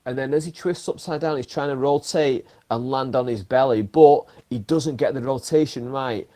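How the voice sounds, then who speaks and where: Male podcast host, animated and emphatic, mid-pitched. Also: normal speed. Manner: animated storyteller with emphatic swearing. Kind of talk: casual chat.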